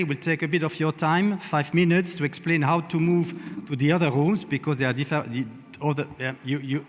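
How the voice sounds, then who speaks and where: Guy organizing a conference, kinda high voice, stop-start announcements, big echoey hall. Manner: halting, searching for words. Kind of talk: logistics announcements. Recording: long hall reverb.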